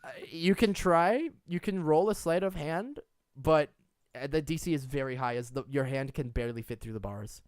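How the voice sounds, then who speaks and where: A man's voice: a little high, normal speed, a little mellow, smooth, no echo. Brief: playful male game master, rambling narration, dry recording.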